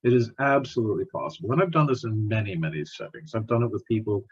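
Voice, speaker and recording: A man, a scientist guest on a podcast, telling stories in an animated way and often repeating words. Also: fairly low pitch, fast talker, slightly rough, muffled recording. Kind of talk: storytelling in conversation.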